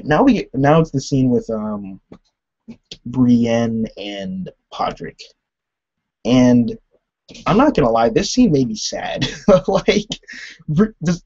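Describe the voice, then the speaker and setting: A young man recapping a TV episode in a rambling, animated way, laughing often and saying "like" a lot. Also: mid-range voice, muffled recording. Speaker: TV episode reviewer. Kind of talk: casual recap and commentary.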